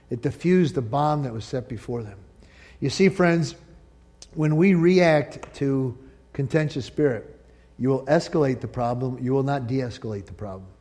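A man preaching a sermon as pastor, swinging from loud emphatic peaks to soft asides. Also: fairly high pitch. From northern United States.

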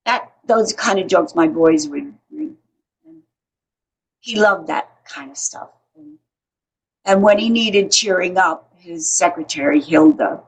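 A woman's voice: on the low side, creaky, slightly rough. A woman in her eighties, a veteran actress, chatting as an interview guest and telling stories with frequent restarts. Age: 80s. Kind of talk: casual interview chat.

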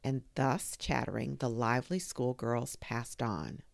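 A middle-aged woman reading a storybook aloud with a gentle, expressive manner. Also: extremely low pitch, unhurried, gravelly, dry recording. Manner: gentle, expressive reading with lively voiced quotes. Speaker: storytime reader.

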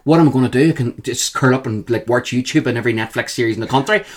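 A man with a Northern Irish accent, a guest telling emphatic, animated stories in an interview. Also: medium pitch, racing. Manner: animated, emphatic, repeats the host's name. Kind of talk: storytelling in an interview.

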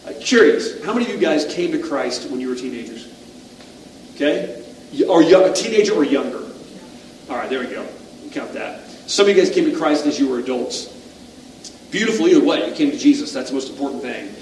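Chatty preacher, echoey hall. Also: male voice, fairly high pitch, animated, fairly quick, a little mellow, a little hiss or hum. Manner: conversational, self-deprecating, asks the audience questions. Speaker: pastor. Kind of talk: sermon. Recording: echoey room, distant mic.

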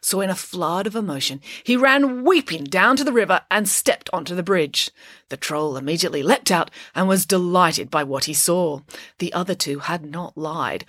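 Expressive woman reading a storybook. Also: on the low side, dry recording, studio quality. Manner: expressive, wry and playful, with dramatic pauses. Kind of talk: storybook narration.

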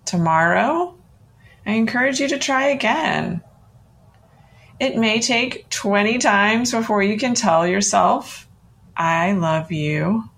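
A middle-aged woman hosting a podcast, gently and encouragingly guiding listeners through a self-love exercise. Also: mid-range voice, gravelly. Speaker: podcast host.

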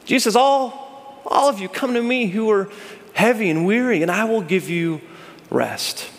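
A man preaching a sermon as pastor, animated, rising loud and high for emphasis and dropping low and slow, calling on the congregation to answer. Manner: asks the congregation to call out answers. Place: church sanctuary. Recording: long hall reverb.

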